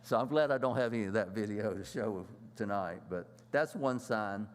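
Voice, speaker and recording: A man teaching a church lesson in a plain, halting way, with many fillers and restarts. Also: lowish voice, clean tone, big-room sound.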